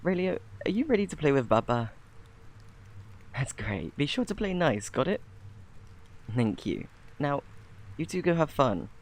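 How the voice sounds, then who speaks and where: A man's voice: on the high side, very animated, a little slow, pauses often. A man voicing an eager, chatty alien friend in a whispered role-play, with a British accent. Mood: coaxing.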